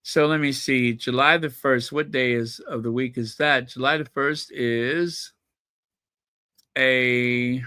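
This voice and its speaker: Slow-talking man, chatty vlog host. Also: mid-range voice, fairly even intonation, pushed and bright, clean tone, dry recording, clean studio sound. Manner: chatty, rambling, repeats words for emphasis. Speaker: royal gossip channel host. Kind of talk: casual solo commentary to viewers.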